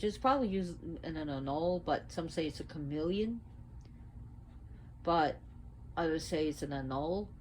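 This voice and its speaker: A woman with a lower-pitched voice explains religious tradition in a loose, chatty way. She retells an old story with lively swings in her voice. A faint hiss sits under her speech. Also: low-quality recording. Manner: conversational, animated retelling. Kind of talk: casual storytelling lesson.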